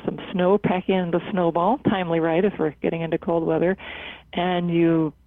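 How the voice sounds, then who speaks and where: A psychotherapist who leads a laughter club at a cancer center, answering interview questions in an earnest, measured way with frequent fillers and restarts. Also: mid-range voice, level tone, no room sound. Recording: tinny phone-like line, dry.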